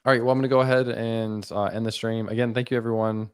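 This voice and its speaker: A man's voice: lowish voice, flat delivery, quick pace, clear, resonant tone, no room sound, clean studio sound. A man hosting a live stream, chatting casually and rambling with frequent "um"s and "like"s. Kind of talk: casual chat.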